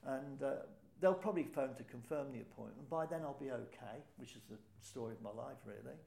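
Older man, gravelly voice, frank storytelling, echoey room. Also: mid-range voice, a little fast, warm tone. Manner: frank, self-deprecating storytelling. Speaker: speaker sharing recovery story. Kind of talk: personal testimony talk.

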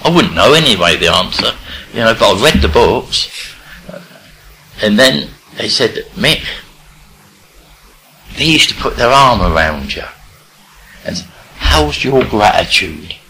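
An older man from England, telling his life story in a rambling, halting way with many restarts. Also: lowish voice, big pitch swings, bright, forceful tone, a little hiss or hum, rough recording. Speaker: recovery speaker sharing his story. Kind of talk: personal storytelling.

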